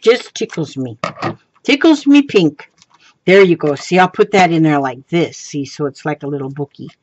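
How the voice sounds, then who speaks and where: This crafting vlogger has a deep, slightly mellow voice as she shows her crafts in a rambling, casual way, stumbling over ums and restarts and giggling along the way. The sound is lo-fi, with a bit of background noise.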